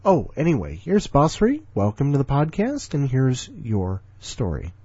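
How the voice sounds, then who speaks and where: A man's voice: medium pitch, huge pitch swings, unhurried, dark tone, lo-fi sound, slight background noise. A man in his forties hosting a podcast, rambling casually in an offhand, grumbling, sardonic way. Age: 40s. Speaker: podcast host.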